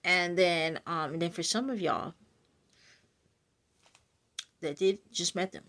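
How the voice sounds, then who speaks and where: Taking her time, this woman reads in a lowish, somewhat bright voice. Her casual prophetic message of encouragement is chatty and full of fillers, and she addresses her listeners directly as a reader of spiritual messages.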